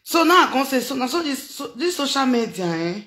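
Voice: high voice, sing-song, brisk, pushed and bright, echoey room. A speaker with a Nigerian accent giving casual reaction commentary on social media drama, exclamatory and given to repeating phrases. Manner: exclamatory, repeats phrases, mixes Pidgin and Yoruba.

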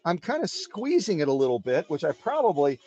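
A man hosts a live stream from his home workshop. His voice is fairly high and slightly husky, and it swings a lot in pitch as he chats to the viewers. Faint music plays in the background. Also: a little fast, highs cut off. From Wisconsin. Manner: chatty, animated, talks to the viewers. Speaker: live-stream host of a sewing machine restoration channel. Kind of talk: casual live-stream chat.

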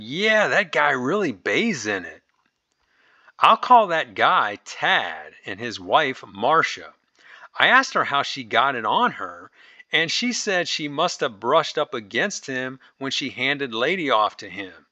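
A man's voice: mid-range voice, pushed and bright, no echo. A man reading a listener's story aloud and breaking in with his own asides. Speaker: story reader and commentator.

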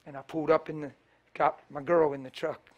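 A man's voice: fairly high pitch, little pitch movement, moderate pace, darkish tone, muffled recording. A middle-aged man preaching a sermon, telling stories in a passionate, colloquial way and acting out the dialogue. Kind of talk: sermon storytelling.

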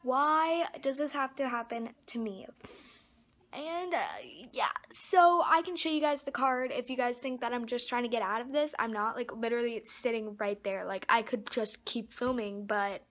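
A teenage girl with a high voice rambles into her phone camera, annoyed and apologetic by turns. She sounds a little stuffed up. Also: moderate pace, fairly bright tone. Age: teens. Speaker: vlogger. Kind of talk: casual vlog talk to camera.

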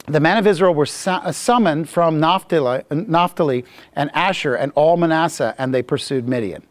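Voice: medium pitch, normal speed. A Bible teacher giving a casual, joking classroom lecture and acting out the scenes while reading the text. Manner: jokey and conversational, acting out scenes.

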